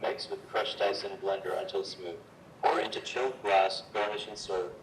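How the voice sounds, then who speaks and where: A synthetic male text-to-speech voice of a voice assistant, reading replies flatly and evenly. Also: low-pitched, normal speed, slight background noise.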